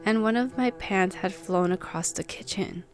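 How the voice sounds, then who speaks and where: A woman's voice: mid-range voice, normal speed, soft background music. Casual woman reading viewer stories. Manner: casual and chatty, with lots of "like". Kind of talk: reading submitted stories aloud and chatting about them.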